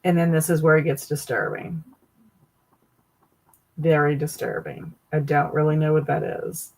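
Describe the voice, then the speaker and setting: A woman's voice: deep voice, lively intonation, unhurried, gravelly, a little mellow, low-quality recording. A woman hosting a casual livestream, reacting with amused, laughing commentary. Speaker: livestream host.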